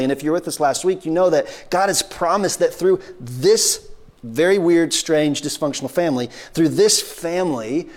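A pastor with a fairly high-pitched voice preaches a sermon in a conversational style. He restarts often and slips into quick acted-out voices for biblical characters.

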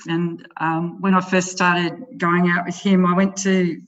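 A woman's voice: lowish voice, little pitch movement, a little slow. Middle-aged Australian woman, laughs a lot, self-deprecating guest; dull lo-fi audio. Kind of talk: casual conversation. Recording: muffled lo-fi sound.

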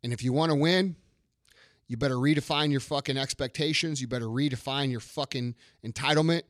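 A man's voice: medium pitch, a little fast, no room sound, clean studio sound. A middle-aged man hosting a podcast, delivering a blunt, profane motivational rant and repeating his lines for emphasis. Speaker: podcast host.

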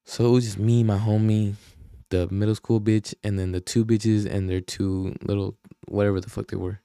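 A man's voice: fairly low pitch, flat delivery, moderate pace, creaky, warm tone, smooth, no echo, clean studio sound. Slangy young man telling a rambling story. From Oakland, California. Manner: slangy, profane, rambling with many fillers. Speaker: podcast host. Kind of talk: casual storytelling.

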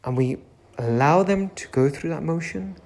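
A man's voice: a little high, moderate pace, vocal fry, a little mellow, a little hiss or hum. A man who runs a nursery, giving a reflective self-help talk, repeating key phrases and lingering on words.

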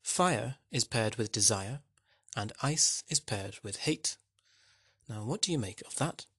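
A man's voice: medium pitch, lively intonation, a little slow, sharp tone, husky, no echo, studio quality. A man teaching literature in a wry, conversational way, posing questions to the listener as he explains a poem. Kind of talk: explanatory lesson narration.

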